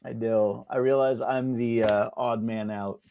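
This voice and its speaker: A young man co-hosting a casual chat show, an animated storyteller who acts out the people in his stories. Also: medium pitch, measured pace. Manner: animated storyteller, mimics people with shouts and laughs. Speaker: podcast co-host.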